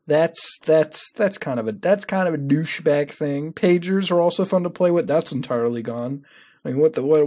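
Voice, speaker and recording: A man's voice: a little high, a little mellow, slightly rough. A man hosting a casual commentary video, reading a web page aloud and reacting with sarcastic, profane disbelief. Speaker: host.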